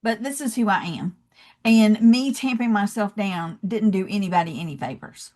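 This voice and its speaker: A woman's voice: mid-range voice, moderate pace, a little mellow. A woman from Georgia with a Southern accent, a podcast guest telling stories expressively with acted-out asides. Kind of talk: casual podcast interview.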